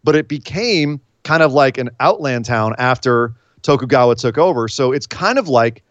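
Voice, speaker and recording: An American man co-hosting a wrestling podcast, talking in a rambling, animated casual chat with many fillers. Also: medium pitch, normal speed, no room sound, lo-fi sound. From United States.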